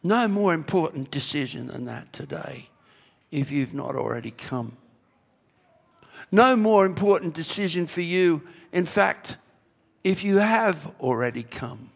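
Male preacher, raised voice with a rough edge, unhurried emphatic sermon delivery; reverberant church hall. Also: on the high side, expressive. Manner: emphatic, rhetorical questions, repeats key phrases. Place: church sanctuary.

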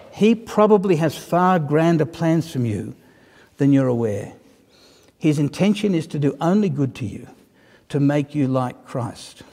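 A male preacher with a fairly high voice tells a story from the pulpit, easy and conversational, slipping in dry humorous asides. His words ring out with the long reverb of a large church hall. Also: warm tone, breathy edge. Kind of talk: sermon.

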